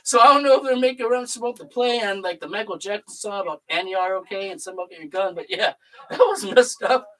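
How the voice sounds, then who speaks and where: A channel host chatting casually, rambling through a story with acted quotes and excitable bursts. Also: mid-range voice, quick pace, rough recording. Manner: excitable, bursts into loud laughing shouts. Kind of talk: casual recap chat.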